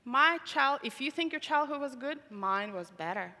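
A non-native English-speaking woman from Tajikistan tells her life story as a testimony, earnest and repeating key words for emphasis. Her voice is bright and a little high. The sound rings with the long reverb of a large hall. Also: animated, normal speed, slight background noise. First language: not English. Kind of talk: personal testimony talk.

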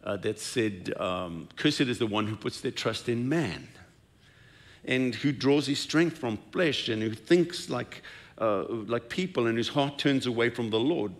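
A man preaching a sermon as pastor, retelling scripture scenes in an animated storytelling way. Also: mid-range voice, unhurried.

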